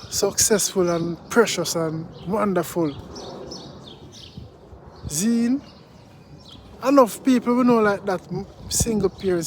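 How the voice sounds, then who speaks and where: A Jamaican man vlogging straight to his viewers, his voice pitched high for a man. He sounds indignant and preachy and slides into thick patois. A faint hiss sits under the recording. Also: darkish tone. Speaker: vlogger and song reviewer. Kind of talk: casual commentary to camera.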